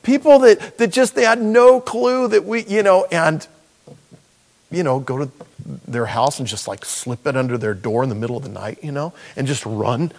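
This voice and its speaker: A man preaching as a pastor, telling personal stories in an animated way. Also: a little high, normal speed. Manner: animated storyteller. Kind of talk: sermon with personal storytelling.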